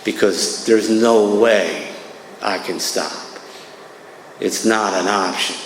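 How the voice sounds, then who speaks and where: A man's voice: fairly low pitch, slow, slight background noise. A man from New Jersey speaking as an AA speaker at a recovery meeting in a church hall, telling his story in a casual, streetwise way that keeps coming back to "man". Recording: echoey church hall with long reverb.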